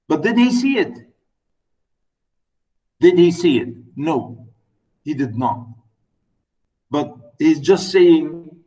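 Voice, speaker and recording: A man lecturing on a short story: he reads a passage aloud, then explains it in his own words with many "you know"s, and now and then acts out the characters' lines in loud, high bursts. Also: lively intonation, slow, long pauses, poor audio. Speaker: literature lecturer.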